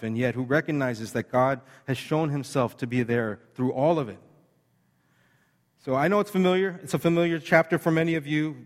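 Earnest man preaching in a reverberant hall. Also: medium pitch. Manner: earnest, conversational preaching with slow emphatic scripture reading. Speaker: pastor. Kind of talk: sermon.

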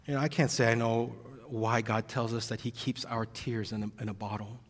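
A man's voice: mid-range voice, little pitch movement, moderate pace, slight background noise. A male pastor preaching an earnest, heavy-hearted sermon, audibly emotional at times. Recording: long reverb of a large hall.

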